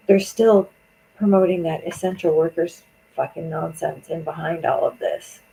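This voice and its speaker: A furious streamer rants, full of curses. The voice is gravelly with vocal fry and a dark, mellow tone. It is a political monologue spoken straight into the stream. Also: medium pitch, little pitch movement, moderate pace, slight background noise, low-quality recording. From Canada. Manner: angry, profane, venting.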